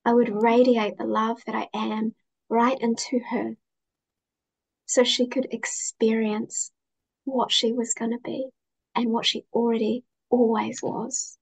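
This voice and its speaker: A woman in her thirties, a guest in an interview, speaking gently and with feeling about her life. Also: fairly high pitch, flat delivery, unhurried, creaky, slightly rough. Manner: gentle and heartfelt. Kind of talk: reflective interview conversation.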